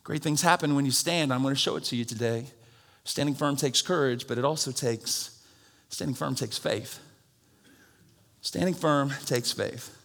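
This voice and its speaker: A man preaching a sermon to a congregation, moving from quiet, conversational teaching to loud, shouted exhortation and joking with the crowd. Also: medium pitch, normal speed, vocal fry. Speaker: pastor.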